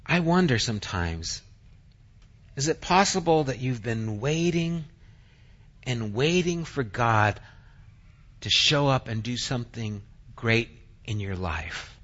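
A man preaching a sermon as pastor, reading scripture dramatically and then talking quietly and earnestly to the congregation. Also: medium pitch, lively intonation, slow, long pauses, muffled recording.

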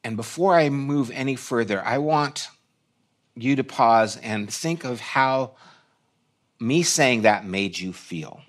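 A man's voice: medium pitch, expressive, slow pace. A man preaching a sermon in a church, reflective and conversational, with short restarts. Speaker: pastor.

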